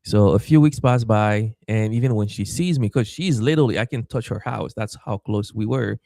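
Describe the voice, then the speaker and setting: Animated man telling a story. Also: lowish voice, moderate pace, creaky, dry recording, clean studio sound. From Haiti. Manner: animated, acts out quoted voices, stammers and repeats. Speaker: pastor. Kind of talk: storytelling in a podcast interview.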